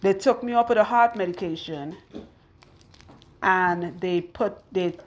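A woman's voice: medium pitch, measured pace, lo-fi sound, slight background noise. Chatty woman talking while doing hair. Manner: chatty, talks to viewers while multitasking. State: out of breath. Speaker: loctician vlogger. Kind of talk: casual chat while working on hair. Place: hair salon in a home.

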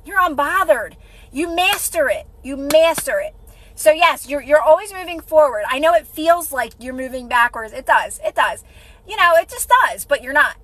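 A woman's voice: sits high, lively intonation, moderate pace, fairly bright tone, low-quality recording. A woman hosting a casual motivational livestream, repeating herself encouragingly and greeting viewers by name. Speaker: livestream host.

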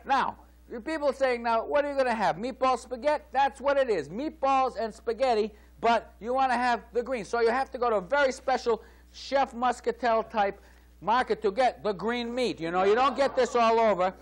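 With an extremely high-pitched voice at normal speed, a man performs a spoof TV chef who brags and chatters in a put-on Italian accent. He keeps laughing at his own jokes throughout the hammy cooking segment.

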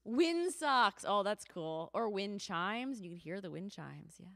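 A woman leading a children's sermon in a church, telling a story and asking the children questions in an animated way. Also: medium pitch, unhurried. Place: church sanctuary. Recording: long church reverb.

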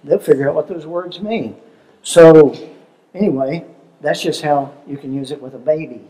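An older man leads a relationship seminar in an easy, conversational way. His voice sits a little higher than most men's, and he tells homely stories while checking in with his listeners. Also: moderate pace, warm tone, low-quality recording. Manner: conversational, storytelling, asks audience questions. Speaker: seminar speaker.

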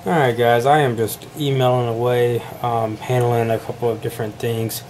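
A young man vlogging while sick, his voice almost gone, talking in a low-key, rambling way with fillers. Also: little pitch movement, normal speed, a little mellow, a little hiss or hum. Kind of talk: casual vlog chat.

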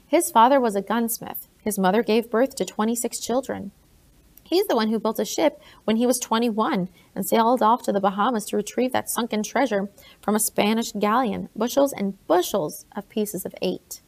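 A woman reading a blunt colonial gentleman. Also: on the high side, moderate pace, close to an everyday voice. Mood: grave. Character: male colonial gentleman, older, blunt and grave. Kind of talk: audiobook reading.

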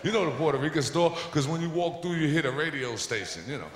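A man's voice: fairly high pitch, animated, quick pace, few pauses. A man doing brash, profane stand-up storytelling on a comedy club stage. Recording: echoey club hall with loud crowd.

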